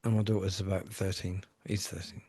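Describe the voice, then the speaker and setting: Easygoing low-voiced male host. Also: flat delivery, brisk, darkish tone, husky, no room sound, studio quality. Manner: easygoing, brief interjections. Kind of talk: casual chat.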